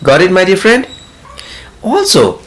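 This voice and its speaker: Indian man giving lively English tips. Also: high-pitched, unhurried. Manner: earnest, advising the listener directly. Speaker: English tutor. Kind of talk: instructional talk to camera.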